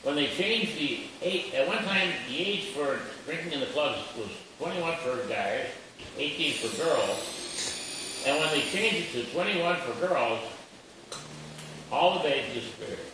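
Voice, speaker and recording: A man's voice: expressive, unhurried. Older man telling a chuckling, rambling story. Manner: chuckling, self-amused, squeals into high voices for quoted characters. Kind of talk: rambling comic storytelling to a live audience. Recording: echoey room, mic from far off, noisy background.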